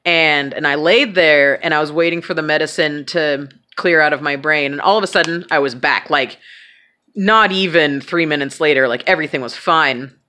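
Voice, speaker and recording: Bright-voiced woman telling a candid story. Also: sits low, normal speed. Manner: candid, swears freely, self-mocking humor. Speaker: vlogger. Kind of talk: casual personal storytelling.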